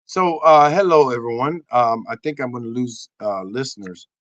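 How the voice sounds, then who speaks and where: A man hosting a crude comedic monologue, animated and loud, often breaking into shouts. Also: medium pitch, moderate pace, no echo, lo-fi sound. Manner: animated, crude, bursts into shouts and silly voices. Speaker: comedy host.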